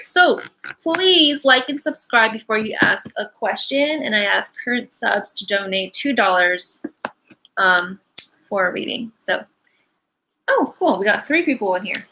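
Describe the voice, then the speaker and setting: Young female livestream card reader, bright tone, casual and rambling, frequent fillers and asides. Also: medium pitch, lively intonation, normal speed, a little hiss or hum, rough recording. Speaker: angel card reader hosting a live Q&A. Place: her home, animals around.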